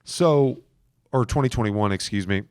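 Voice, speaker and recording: A man's voice: fairly low pitch, normal speed, a little mellow, smooth, no echo, studio quality. A man hosting a podcast, coaching real estate agents in a casual, emphatic way. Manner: emphatic, coaching listeners directly. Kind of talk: casual advice talk.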